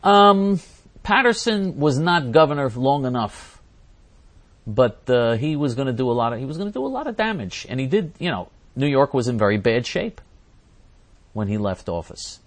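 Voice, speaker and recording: Man, talk show host, angry rant, emphatic, repetitive, mid-pitched voice. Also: big pitch swings, normal speed. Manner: emphatic, indignant, repeats himself and restarts phrases. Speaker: talk show host answering listener questions. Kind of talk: angry ranting monologue.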